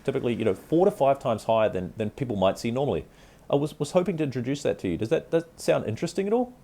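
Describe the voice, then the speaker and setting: A man voicing an overly eager, deferential cold caller whose pitch keeps rising at the ends of phrases. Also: big pitch swings, fast, warm tone. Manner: upward inflection, pitch rising all over the place.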